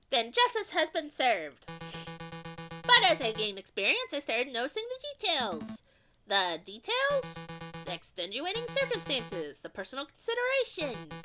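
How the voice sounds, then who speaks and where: A woman voicing a principled veteran male prosecutor who speaks in a measured, reflective way. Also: sits high.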